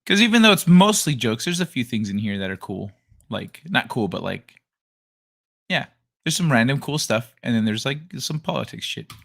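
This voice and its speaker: A man's voice: medium pitch, very animated, moderate pace, vocal fry, fairly bright tone. A man hosting a casual livestream, rambling and joking as he greets viewers by name. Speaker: livestream host.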